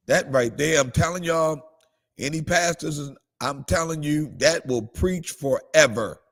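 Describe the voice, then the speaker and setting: A man preaching a morning devotional livestream, shifting between calm scripture reading and excited exclamations. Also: fairly high pitch, measured pace. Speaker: pastor.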